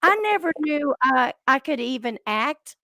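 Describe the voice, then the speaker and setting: Slow-talking Southern woman podcast host. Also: sits high, sing-song, gravelly, pushed and bright. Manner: chatty storyteller, laughs often. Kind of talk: casual podcast chat.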